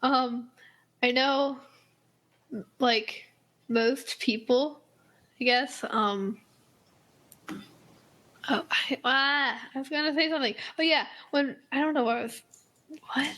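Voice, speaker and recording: A teenage girl chats in a bright, forceful voice that sits a little high. She rambles with lots of fillers and restarts, and keeps the talk lively. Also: slow, long pauses. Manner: animated, rambling with many fillers. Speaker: co-host. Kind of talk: casual chat.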